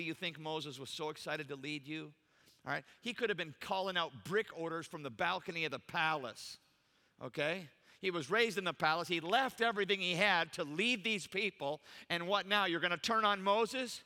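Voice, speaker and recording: A man's voice: fairly high pitch, normal speed, bright, forceful tone, big-room sound. A man preaching a sermon in a church, emphatic and full of rhetorical questions to the congregation. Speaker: pastor. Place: church sanctuary.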